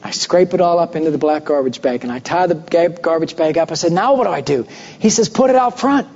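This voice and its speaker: A man preaching a sermon, telling a personal story with animated voices for the people in it. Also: on the high side, fast, gravelly. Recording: muffled recording with long hall reverb.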